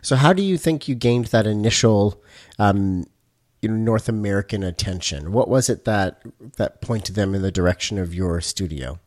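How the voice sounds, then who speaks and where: A man's voice: on the low side, normal speed, darkish tone. A man hosting a podcast, introducing the episode and interviewing a guest in a casual, joking way. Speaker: podcast host.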